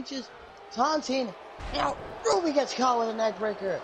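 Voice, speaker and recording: Male play-by-play host, high voice, noisy recording, jokey, yelps at big moments. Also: expressive, normal speed. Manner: jokey, bursts into high yelps when surprised. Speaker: host and commentator. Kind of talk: excitable play-by-play commentary.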